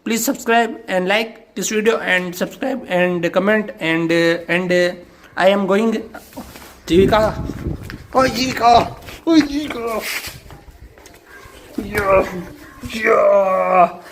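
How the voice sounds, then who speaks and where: A man with an Indian English accent chats through a casual home vlog in playful, excitable broken English. His voice sits high and his delivery is unhurried. A faint hiss runs under the recording. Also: gravelly. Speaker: vlogger. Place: home room.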